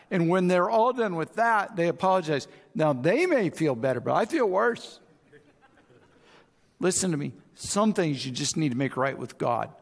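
A male pastor, his voice sitting a bit high for a man. He preaches in a conversational way and acts out both sides of everyday arguments. His words ring out with the long reverb of a large church hall. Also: gravelly. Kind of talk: sermon.

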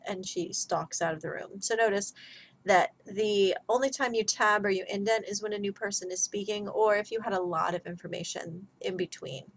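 A woman's voice: medium pitch, low-quality recording. A woman giving a recorded grammar lesson as a writing instructor, talking casually through examples. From United States.

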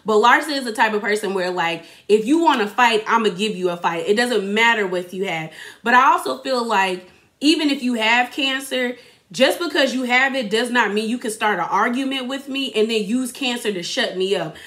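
A woman's voice: a little high, moderate pace, fairly bright tone. A young adult woman giving a chatty, opinionated recap of a reality show in casual slangy talk, acting out what people said.

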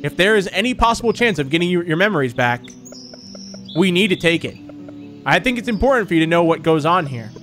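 Man reading creepy doting mother from a horror game, high voice, faint music under. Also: expressive, fast talker, fairly bright tone. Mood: coaxing. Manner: reads game dialogue aloud in plain voice. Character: eerie doting mannequin mother, female, middle-aged.

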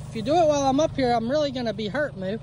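A woman's voice: high-pitched, rapid-fire. A woman vlogging from her homestead pasture, chatting casually and talking fondly to her cattle. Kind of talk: casual farm vlog narration. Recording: outdoor recording with loud engine noise.

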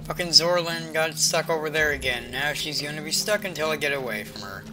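With game music behind them, a gamer rattles off animated, fairly fast let's-play commentary full of sarcasm and swearing aimed at themself. Their voice is mid-range.

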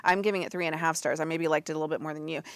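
A woman's voice: deep voice, fairly even intonation, very fast, no room sound. A woman co-hosting a film review show, giving opinionated takes in casual chat. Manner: opinionated, talks over her co-host.

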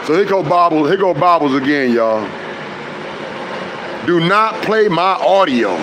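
A man's voice: high voice, noisy background. A man delivering a heated, confrontational rant as an online commentator. He swears constantly and often trails into fillers mid-sentence. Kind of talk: heated direct-to-camera rant.

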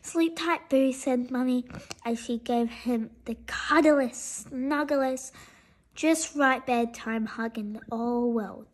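A woman reading a children's bedtime story aloud, gentle and expressive, with small slips. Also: fairly high pitch, slow pace.

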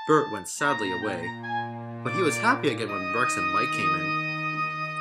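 A man with a low voice narrates a storybook, his pitch moving in lively swoops through the sentences. His reading is expressive and animated. Loud music plays behind him. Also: moderate pace, long pauses.

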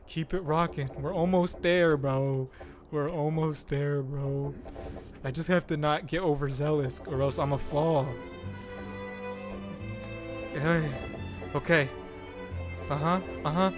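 Excitable young man streaming a game. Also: a little high, takes it slowly, pauses often, music in the background. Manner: excitable, laughs and yelps at the game. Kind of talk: casual gameplay commentary.

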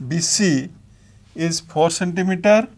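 Slow Indian English maths teacher, man. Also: a little high. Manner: slow, step-by-step dictation while writing. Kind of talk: blackboard maths lesson.

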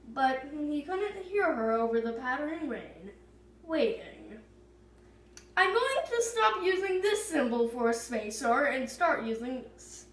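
A woman reading a story aloud, stumbling now and then over words and filling pauses. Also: high-pitched, fairly bright tone. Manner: unpolished reading with stumbles and fillers. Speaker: reader. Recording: echoey room.

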